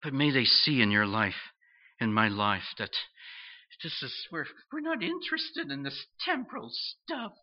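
A man preaching a sermon in an earnest, questioning way, pausing between phrases. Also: medium pitch, big pitch swings. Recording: dull lo-fi sound.

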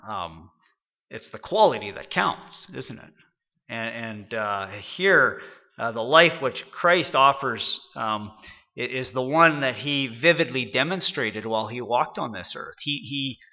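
Male preacher, halting delivery, gravelly, slightly dull recording. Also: medium pitch, animated. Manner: halting, many repeated words and fillers. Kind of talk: unscripted sermon.

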